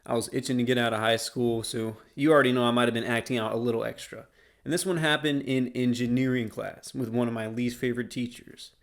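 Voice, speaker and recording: A man's voice: mid-range voice, fairly even intonation, fast talker. A young man casually telling a school story as a YouTuber, slangy and rambling. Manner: slangy, rambling, laid-back.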